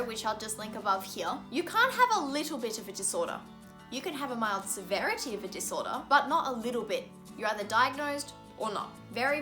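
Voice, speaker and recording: High bright-voiced young woman, earnest. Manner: earnest, frustrated, emphatic with repeated words. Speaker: vlogger. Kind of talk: explanatory vlog to camera.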